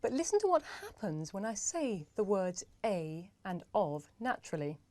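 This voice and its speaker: A young woman presenting a pronunciation lesson with a clear, deliberate, playful delivery. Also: medium pitch, sing-song, mellow, no echo. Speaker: English pronunciation teacher.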